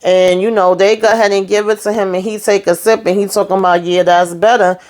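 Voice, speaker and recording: A woman's voice: medium pitch, steady tone, brisk, a little mellow. A woman casually recapping a TV episode, blunt and outspoken, swearing freely and briefly voicing the characters as she retells each scene. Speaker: TV show recapper.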